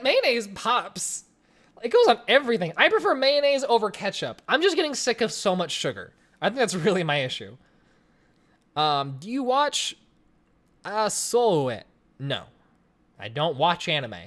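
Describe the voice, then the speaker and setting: Streamer in their 20s from Colorado, casual chat Q&A at a home webcam; chatty, jokey, lots of restarts, very bouncy pitch. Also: huge pitch swings, unhurried, a bit bright. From Colorado, USA. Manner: rambling, joking, chatty with frequent restarts. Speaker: livestream host. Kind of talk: casual livestream Q&A reading chat aloud. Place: home room, in front of a webcam. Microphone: desk microphone on a stream setup.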